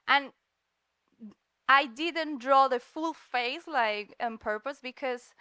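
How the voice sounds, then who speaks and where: A woman's voice: high voice, takes it slowly, sharp tone, smooth, dry recording, clean studio sound. A cheerful woman from Spain, a comic artist giving a talk at a university event, laughing often and slipping in words. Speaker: guest speaker, comic artist. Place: lecture room in New York.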